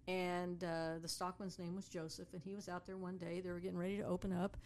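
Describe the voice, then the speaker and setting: A woman tells a story in a relaxed, chatty way, slipping into the voices of the people in it. Her voice has a gravelly, creaky texture. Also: lowish voice, quick pace, slight background noise. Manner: animated, acts out voices of people in her stories. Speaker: storyteller and tour guide. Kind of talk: casual storytelling.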